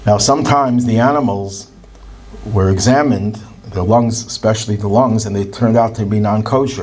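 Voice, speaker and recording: A man's voice: lowish voice, a little mellow. A male rabbi telling anecdotes and chuckling at his own jokes. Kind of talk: storytelling talk.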